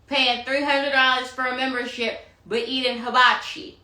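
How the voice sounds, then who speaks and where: A woman's voice: high voice, little pitch movement, normal speed, pushed and bright, reverberant. A woman giving a tarot reading on a phone live stream, sassy and profane, preaching self-love and calling her listeners honey. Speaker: tarot reader. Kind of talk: Instagram live astrology rant.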